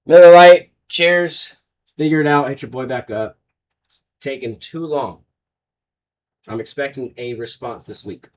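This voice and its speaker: A man's voice: mid-range voice, a little slow, long pauses, a bit bright, far from the mic, a little hiss or hum. A man hosting a sports betting show, running through his picks in a hyped, rambling, jokey way. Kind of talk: casual betting picks talk.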